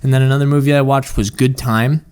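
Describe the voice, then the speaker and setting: A man's voice: mid-range voice, steady tone, fast, crowd noise. Joking young man on a podcast. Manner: joking, crude, rambling. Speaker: podcast co-host. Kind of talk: casual chat.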